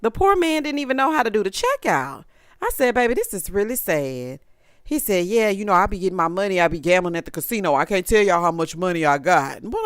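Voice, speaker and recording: A woman's voice: medium pitch, fairly bright tone, no room sound, clean studio sound. A young adult woman giving a sassy, casual recap of a reality show, talking straight to her viewers. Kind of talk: casual commentary.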